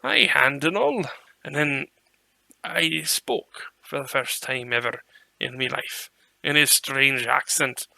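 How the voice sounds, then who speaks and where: Man playing a mutant reindeer, put-on brogue, bright gravelly voice, swooping lively pitch, folksy rambling tale. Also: slow pace, no echo, full character voice. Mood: boastful yarn. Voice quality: put-on Scottish-style brogue. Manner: chatty, folksy, rolls through a tall tale. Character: cheeky male reindeer turned mutant, rambling storyteller. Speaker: player. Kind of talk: in-character tabletop storytelling.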